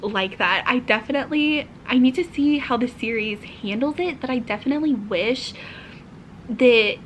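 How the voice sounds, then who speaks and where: A young woman vlogger with a slightly high voice chats casually at a moderate pace, gushing about a book she's reading and sometimes slipping into half-whispered asides. The recording is low quality, with a little hiss or hum.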